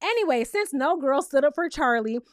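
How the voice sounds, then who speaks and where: A young woman with a high, bright voice gives a chatty, sassy reality TV recap. She talks directly to her audience in a casual, conversational way. The recording is dry and close, with no room sound. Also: animated, moderate pace, no room sound. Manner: sassy, chatty, addresses viewers directly with frequent "okay?".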